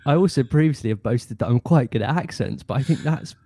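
A man, a guest actor chatting casually, animated and often laughing. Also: mid-range voice, fast, dry recording, studio quality. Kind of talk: casual chat.

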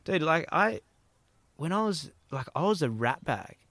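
Animated Australian man telling stories. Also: on the high side, unhurried, dry recording. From Australia, Gold Coast. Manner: animated, swears casually, acts out quoted voices. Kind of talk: casual storytelling chat.

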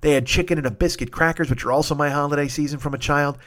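A middle-aged man hosting a podcast, telling a rambling, profane, excitable comic story. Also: on the high side, fast. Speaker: podcast host.

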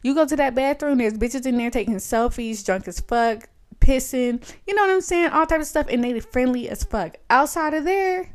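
A woman in her thirties rants on her own podcast in a blunt, profane, emphatic and casual style. Her voice is a little high, creaky and slightly mellow.

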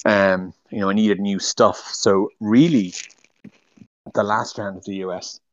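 A man's voice: lowish voice, a little slow, dry recording. A man from Ireland with an Irish accent, a podcast guest talking casually about racing photography over a phone call. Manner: relaxed, laughs easily, restarts phrases. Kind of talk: casual interview chat. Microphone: telephone call. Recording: muffled phone-call audio.

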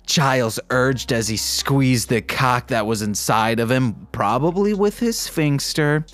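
A man's voice: mid-range voice, lively intonation, a little slow, few pauses, fairly bright tone, soft background music. A man hosting a podcast, reading fan fiction aloud and breaking off for wry, self-mocking comments. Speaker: podcast host.

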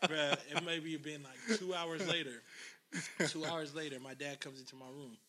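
A young man telling a long story in chat, animated and laughing often as he acts out what people said. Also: a little high, normal speed.

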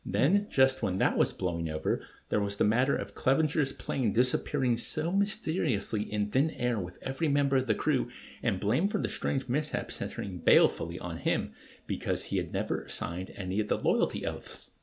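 Gravelly, expressive male narrator. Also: mid-range voice, normal speed. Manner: expressive, dry storytelling. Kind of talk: audiobook reading.

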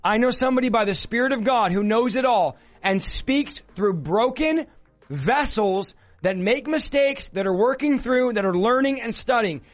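A male preacher delivering a fervent sermon, often shouting. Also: very high voice, animated, moderate pace. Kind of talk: fiery sermon. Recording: dull lo-fi sound with faint music.

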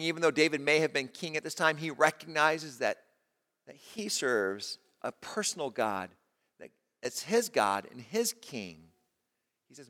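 A man's voice: expressive, measured pace, long pauses. Man preaching in an echoing hall. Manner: dynamic preaching, drops to soft low tones and rises with emphasis. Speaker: pastor. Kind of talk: sermon.

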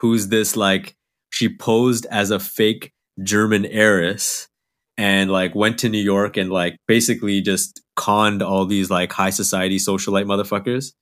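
A man's voice: on the low side, little pitch movement, measured pace, fairly bright tone. A man co-hosting a podcast, chatting loosely with lots of swearing and laughter. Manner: loose, profane, laughs a lot. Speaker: podcast co-host. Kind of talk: casual chat.

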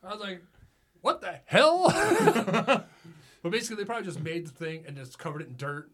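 Middle-aged male podcast guest, a bit high-pitched, loose storyteller who swears and laughs a lot. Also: animated, rapid-fire, a bit bright. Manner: swears freely and laughs often while telling anecdotes. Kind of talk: casual chat, storytelling.

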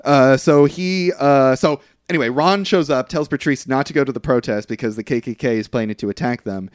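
A man recaps a film on a podcast in a medium-pitched voice at a brisk pace, recorded clean in a studio with no echo. His casual, rambling chat is packed with fillers and the odd curse.

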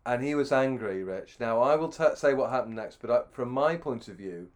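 A man's voice: medium pitch, lively intonation, fairly quick. Rambling storyteller man. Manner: rambling, self-deprecating, full of restarts. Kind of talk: anecdotal storytelling.

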